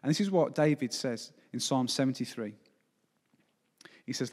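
A man's voice: medium pitch, brisk, a little mellow, big-room sound. A forty-year-old man preaching a sermon as pastor. He speaks with emphasis and often puts rhetorical questions to the congregation. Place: church service.

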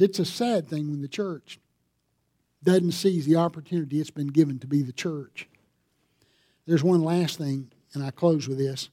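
A pastor preaching a sermon, telling a story and building to emphatic appeals. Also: male voice, fairly high pitch, fairly even intonation, normal speed, mellow, no echo, studio quality.

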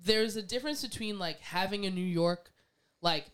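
Woman guest, casual chat, lively and opinionated, smooth resonant tone. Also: mid-range voice, moderate pace. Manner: animated, acts out quoted voices, laughs often.

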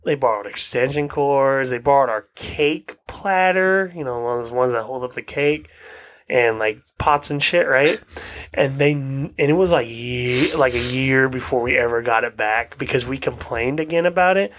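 A man's voice: medium pitch, moderate pace, a bit bright. A young man hosting a podcast, telling stories in casual, profane, slang-filled chat. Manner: slangy, profane, laid-back storytelling. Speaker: podcast host.

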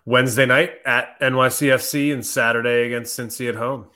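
A man's voice: medium pitch, flat delivery, a little fast, bright, forceful tone. A man hosting a casual sports podcast, easygoing, asking his co-host questions and laughing along.

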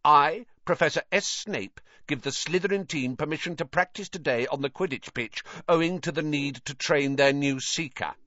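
A man's voice: a little high, moderate pace, hardly any pauses, a bit bright, no room sound, voice pushed up, natural voice. A man voicing a large, cunning teenage rival captain who speaks in a smug, taunting way. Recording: dull lo-fi dry recording.

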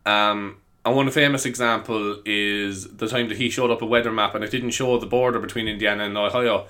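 A man's voice: fairly low pitch, steady tone, a little fast, pushed and bright. A young man hosting a casual solo podcast, rambling off topic and laughing at his own jokes in a self-mocking way. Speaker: podcast host.

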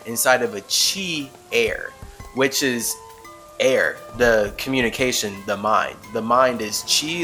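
Bright-voiced man rambling on a podcast. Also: medium pitch. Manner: rambling, emphatic, laughs often. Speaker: podcast host. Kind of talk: casual spiritual monologue.

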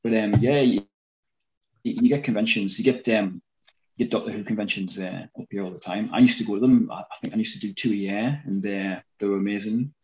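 Brisk and a little mellow, a low-voiced man from North East England talks with his local accent as an interview guest. He acts in fan films, and his casual rambling is full of ums and restarts on a dull lo-fi recording.

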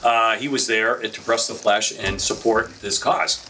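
A middle-aged man on a podcast, telling stories in a casual, animated way with lots of fillers. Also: fairly low pitch, measured pace, noisy background. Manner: animated anecdotal storyteller with frequent fillers. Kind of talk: casual storytelling chat.

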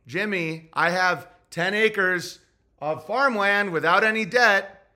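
High-voiced, sarcastic ranting man. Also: takes it slowly, sharp tone. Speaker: podcast host. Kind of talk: podcast rant.

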